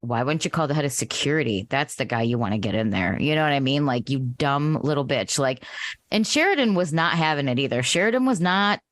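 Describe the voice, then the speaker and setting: A woman's voice: extremely low pitch, animated, a little fast, no echo. A woman co-hosting a podcast, talking in a blunt, profane ranting way in casual chat. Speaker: podcast co-host.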